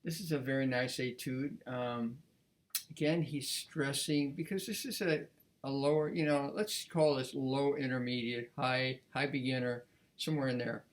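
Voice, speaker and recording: A man giving a casual violin lesson, talking in a relaxed, rambling way with frequent restarts. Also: mid-range voice, normal speed. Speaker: violin teacher.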